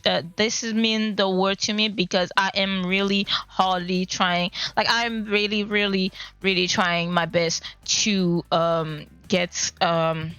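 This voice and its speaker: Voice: mid-range voice, little pitch movement, slow, few pauses, sharp tone, clear, resonant tone, dry recording, highs cut off, soft background music. A streamer talking casually on a live stream, stammering and repeating words, the voice cracking with emotion. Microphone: laptop microphone.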